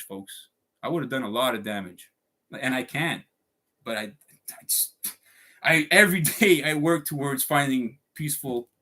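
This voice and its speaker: A man vents straight to his audience, his voice sitting a little high. He swears freely, circles back over the same points and calls out to the folks watching as his anger builds. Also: sharp tone. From Canada. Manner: swearing, heated, repeats himself, addresses folks. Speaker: vlogger. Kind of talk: angry ranting monologue.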